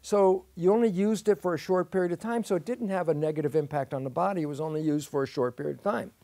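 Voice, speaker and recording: A man's voice: a little high, fast, no echo. A man being interviewed as a guest scientist, explaining at length and acting out both sides of imagined conversations. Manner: lively, acts out both sides of imagined dialogues.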